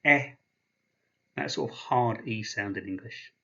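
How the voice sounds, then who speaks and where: A man teaching a language lesson, patient and slow, pausing after each sound he spells out. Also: on the low side, bright, forceful tone, highs cut off. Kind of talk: explaining slowly, with pauses.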